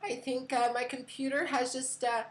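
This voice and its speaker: A woman's voice: sits high, flat delivery, moderate pace, poor audio. A woman hosting a casual crypto live stream from her computer, chatty with many fillers and giggles.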